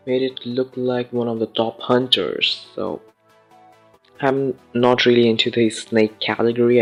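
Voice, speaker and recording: A man with an Indian English accent, telling a story to his viewers in a loose, rambling way, swearing casually. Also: fairly low pitch. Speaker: vlogger.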